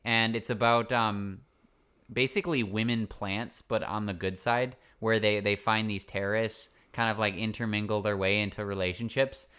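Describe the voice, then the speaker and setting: A man's voice: lowish voice, fairly even intonation, normal speed, pushed and bright, smooth. Joking upbeat man hosting a podcast. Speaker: podcast host. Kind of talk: casual chat.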